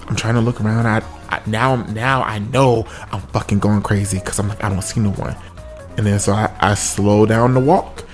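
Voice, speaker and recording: A man telling a comic story from his own life, with sudden high-pitched exclamations. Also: steady tone, moderate pace, few pauses. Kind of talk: comedic story time. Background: faint music.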